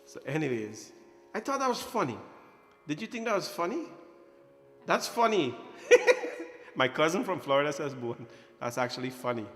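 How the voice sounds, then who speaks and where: A man's voice: a little high, big pitch swings, moderate pace, a bit bright. A man in his forties, a temple priest, telling a childhood story at a prayer gathering, joking, laughing and acting out voices. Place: temple hall. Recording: echoey hall, faint music behind.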